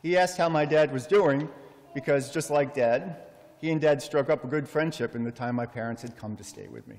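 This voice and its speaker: A middle-aged man giving a heartfelt funeral eulogy for his father, measured and full of storytelling pauses. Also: medium pitch, a little mellow. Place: memorial service in a large hall. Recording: long hall reverb.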